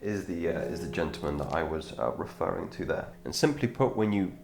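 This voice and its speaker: A man hosting a self-improvement channel, giving a measured instructional talk on speaking and often correcting himself mid-sentence. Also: low voice, animated, creaky. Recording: echoey room with background guitar music.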